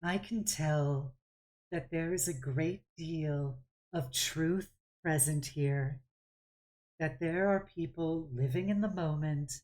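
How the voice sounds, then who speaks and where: A woman voicing a gentle, plant-like female high druid with a super calm, soothing voice in a tabletop game. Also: slow. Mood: serene, soothing.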